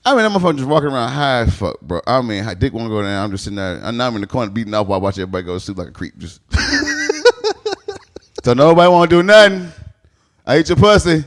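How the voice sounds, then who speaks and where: A man's voice: medium pitch, fast. A man sits in as a podcast guest and tells crude, comic stories from his life. His voice rises and falls a great deal as he acts out what people said. He laughs often through his own tales. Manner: animated, acts out quoted lines, laughs often. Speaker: podcast guest, stand-up comedian. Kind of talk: crude comedic storytelling.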